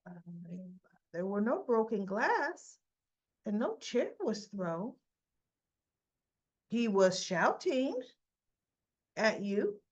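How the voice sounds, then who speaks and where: A woman doing a soft, polite male waiter. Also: medium pitch, very animated, very slow, long pauses, slightly rough, heavily acted. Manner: polite, soft-spoken, apologetic.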